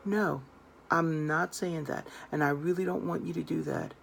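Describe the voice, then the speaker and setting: Woman tarot reader, lowish gravelly voice, emphatic and direct, faint hiss behind. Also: steady tone, normal speed. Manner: earnest, emphatic, addresses viewers directly. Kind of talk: direct-to-camera advice monologue.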